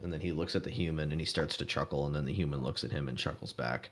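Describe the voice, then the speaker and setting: A man narrating as game master of a tabletop game, relaxed and breaking into laughter now and then. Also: very deep voice, fast.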